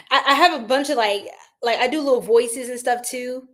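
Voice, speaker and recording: A young woman gives a casual tarot reading on a live stream, animated and slangy as she chats with viewers. Her voice is high and her pace moderate.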